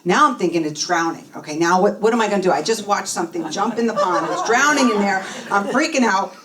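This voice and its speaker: A woman giving a personal testimony talk at a spiritual center, telling her story in an animated way and acting out the dialogue. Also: medium pitch, fast, a crowd in the background. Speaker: guest speaker. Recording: voice from a distance from the mic.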